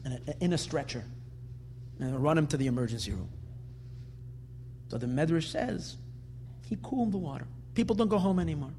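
A man giving a religious lecture, telling stories with animated, emphatic delivery that builds to forceful peaks. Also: on the high side, a little hiss or hum. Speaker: Torah teacher.

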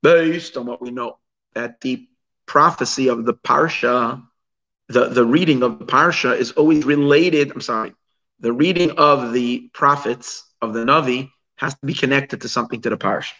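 A man's voice: mid-range voice, moderate pace, pushed and bright, dull audio. A man teaching a text study class, asking rhetorical questions and mixing Hebrew and Yiddish terms into his English explanation. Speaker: Torah teacher.

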